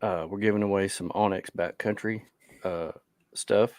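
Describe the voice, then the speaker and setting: A tired man co-hosting a podcast in casual chat. His voice sits fairly low, and he rambles and loses his train of thought. The recording is dry and close, with no room sound. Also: steady tone, a little slow, a little mellow, dry recording. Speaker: podcast co-host.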